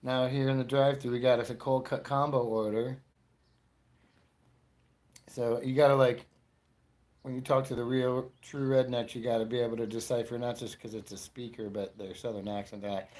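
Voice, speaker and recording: A man's voice: mid-range voice, flat delivery, normal speed, a little mellow. A man in his forties from Florida doing stand-up comedy, rambling through his stories and interrupting himself. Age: 40s. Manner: rambling, self-interrupting storyteller.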